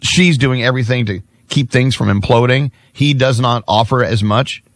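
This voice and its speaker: A man's voice: mid-range voice, normal speed, no echo, studio quality. A man hosting a morning radio show, joking with co-hosts and reading segments. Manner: lively, joking, reads ads.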